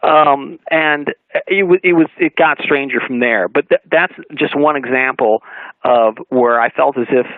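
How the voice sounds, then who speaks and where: A man calls in as a guest to tell a story. His gravelly voice comes through a thin, phone-like line with no room sound at all. He keeps it animated, acting out the dialogue and laughing often. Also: medium pitch, a little slow, dry recording. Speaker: author and interview guest. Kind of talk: anecdotal storytelling on a radio talk show. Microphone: phone call-in. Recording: narrowband phone line, dry.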